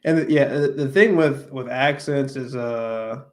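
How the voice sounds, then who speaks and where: A man's voice: medium pitch, unhurried. Rambling man chatting on a livestream. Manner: rambling, many restarts and fillers, mixing English and Spanish. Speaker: livestream host. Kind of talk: casual chat with viewers.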